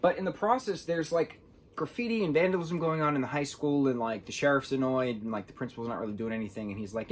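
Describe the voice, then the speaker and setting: A man's voice: mid-range voice, quick pace, slight background noise. A young man casually reviewing a film, rambling and filling his talk with "like". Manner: rambling, says "like" a lot.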